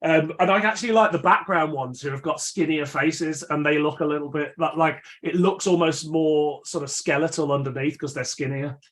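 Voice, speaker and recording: A man's voice: on the high side, fairly even intonation, normal speed, few pauses, a bit bright. A man co-hosting a podcast in casual fan chat, rambling with restarts and wry asides. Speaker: podcast co-host.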